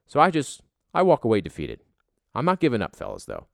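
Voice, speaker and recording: A man's voice: mid-range voice, wildly swooping pitch, fairly quick, creaky, no room sound, clean studio sound. A young man telling a story as a casual, exasperated rant, swearing heavily.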